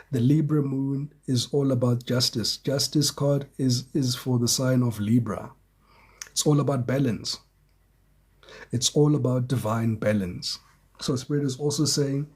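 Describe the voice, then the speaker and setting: Guy doing a live tarot stream, slow and soothing, kinda husky voice, keeps repeating himself. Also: mid-range voice, a little mellow. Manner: slow, soothing, repeats phrases, thanks viewers by name. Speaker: tarot reader.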